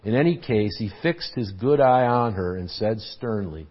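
A man's voice: lowish voice, animated, normal speed, hardly any pauses, breathy edge, highs cut off. A man preaching a sermon as pastor, earnest and emphatic, repeating key phrases for weight, in a church hall.

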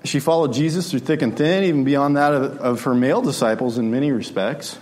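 A man's voice: medium pitch, brisk, darkish tone. A man preaching a sermon in a conversational way, often asking his listeners rhetorical questions.

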